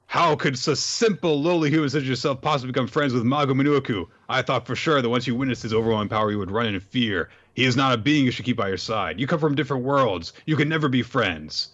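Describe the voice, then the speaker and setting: A man's voice: mid-range voice, fast talker, hardly any pauses, a bit bright, pitched above the performer's own voice, close to an everyday voice. A man voicing an arrogant, easily flustered villain in a raised, theatrical rant, in a dull lo-fi recording.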